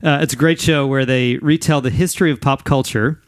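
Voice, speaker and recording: A man's voice: mid-range voice, fairly even intonation, a little fast, no room sound. A man hosting a podcast, introducing clips in an upbeat, joking way. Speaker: podcast host. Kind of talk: introducing clips, casual chat.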